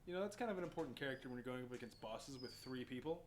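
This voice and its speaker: A man's voice: medium pitch, expressive, very fast. A young man hosting a podcast, casually telling stories and swearing freely. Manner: profane storytelling, swears freely. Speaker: podcast host. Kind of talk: casual chat. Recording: faint background noise.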